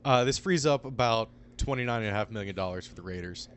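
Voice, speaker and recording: A man co-hosting a podcast, talking football in a casual, animated way. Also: lowish voice, fast, slight background noise. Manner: animated, laughs often, swears casually. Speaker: podcast co-host. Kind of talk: casual sports chat.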